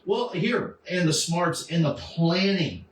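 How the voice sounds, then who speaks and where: Man, casual podcast co-host, lively retelling, slightly high voice, roomy and off-mic. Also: takes it slowly. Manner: animated, acts out characters while retelling. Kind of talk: casual chat about comics. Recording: echoey room, mic at a distance.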